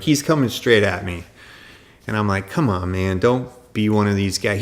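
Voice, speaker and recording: A middle-aged man speaks at a mid pitch while he hosts a casual livestream. He tells his story in an animated, exasperated way and laughs between points. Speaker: livestream host.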